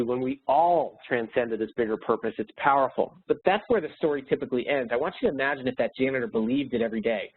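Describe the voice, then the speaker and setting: Male webinar speaker, mid-pitched, earnest upbeat coaching delivery; narrow lo-fi audio. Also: quick pace, few pauses, breathy edge. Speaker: speaker and educator. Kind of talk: motivational webinar presentation. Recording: tinny phone-like webinar audio.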